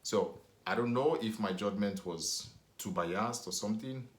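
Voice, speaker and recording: Man, Nigerian accent, very deep voice, rambling storyteller, echoey room. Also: unhurried. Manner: rambling, animated retelling full of "you know". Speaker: vlogger. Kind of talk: casual storytelling to camera.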